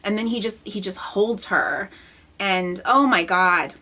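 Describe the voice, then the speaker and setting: A woman's voice: medium pitch, measured pace, sharp tone. A woman reviewing a TV episode in a casual chat, talking with lots of fillers and restarts and sounding close to tears. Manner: emotional, chatty, frequent fillers and restarts. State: near tears. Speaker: TV show reviewer.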